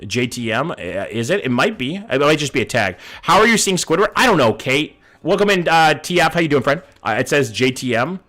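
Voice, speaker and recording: A man's voice: a little high, sing-song, a little fast, hardly any pauses, pushed and bright. Casual male streamer thinking aloud. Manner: casual, thinks aloud, greets chat, swears. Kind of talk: live-stream game commentary.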